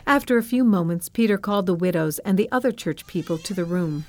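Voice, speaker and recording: A woman narrating a Bible story for children in a gentle, expressive scripted style. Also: on the low side, brisk, hardly any pauses, over music.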